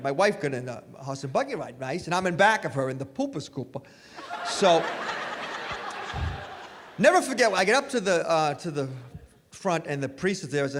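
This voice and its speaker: A man doing stand-up comedy on stage, animated and acting out voices. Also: high voice, a little fast, a little hiss or hum. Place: stage in a hall. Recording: live stage hall reverb.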